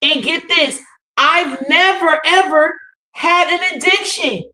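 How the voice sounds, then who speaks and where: A woman's voice: extremely high pitch, slow, pushed and bright, roomy sound, low-quality recording. A woman co-hosting a livestream, talking brashly with plenty of swearing and cheering on her co-host. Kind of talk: casual livestream chat.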